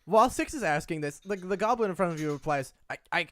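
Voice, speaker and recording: A man's voice: high voice, expressive, quick pace, no echo. Brief: playful male game master, rambling narration, dry recording.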